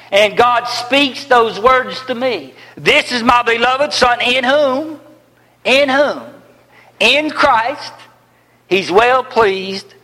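A man preaching a sermon, with emphatic repeated phrases that swing from loud declarations to hushed near-whispers. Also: high voice. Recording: long reverb in a large hall.

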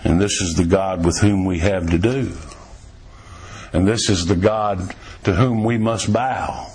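A man preaching a sermon in a folksy, storytelling way, swinging between emphatic raised lines and low, quiet ones. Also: fairly even intonation, measured pace, husky.

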